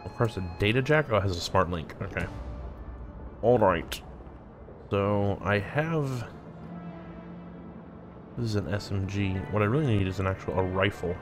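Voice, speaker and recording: A man's voice: on the low side, moderate pace, pauses often, over music. A man hosting a let's play, thinking aloud and reading game text as he plays. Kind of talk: casual gameplay commentary.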